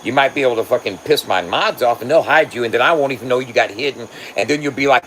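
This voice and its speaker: A man's voice: mid-range voice, fast, a bit bright, slight background noise. A man livestreaming and talking loosely to his chat, swearing freely and laughing often. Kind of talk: casual livestream banter.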